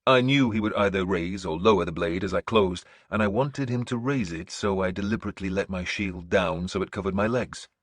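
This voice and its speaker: Male audiobook reader, low husky voice, grave and measured, dry booth sound. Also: no echo. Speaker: audiobook narrator. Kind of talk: scripted first-person narration.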